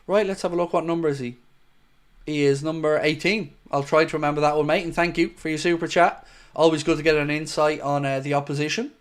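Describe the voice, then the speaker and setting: An Irishman hosts a football watchalong stream, chatting casually and reading out what viewers write. His voice is slightly high, steady and fast, and he keeps things jokey, calling viewers "mate."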